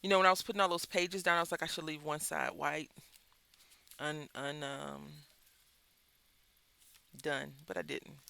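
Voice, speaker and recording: A man's voice: fairly high pitch, little pitch movement, normal speed, creaky, long pauses, bright, forceful tone, clean tone. A man chatting casually to viewers while making a craft album, telling a rambling, candid story and addressing them as y'all. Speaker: craft vlogger.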